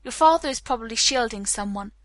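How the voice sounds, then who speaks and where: A woman narrator voices a courteous young gentleman who calmly reassures. The sound is bright and dry. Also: a little high, brisk, dry recording, lightly acted. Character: polite young man, reassuring.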